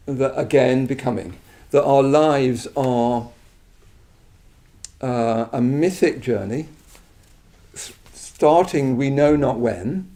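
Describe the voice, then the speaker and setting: A middle-aged man from England giving a reflective Buddhist talk, halting and full of restarts, with quiet trailing asides. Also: mid-range voice.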